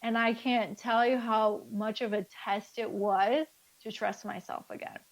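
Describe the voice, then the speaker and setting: A woman speaking as a life coach guest in a casual interview, lively and acting out the dialogue she quotes. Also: fairly high pitch, measured pace.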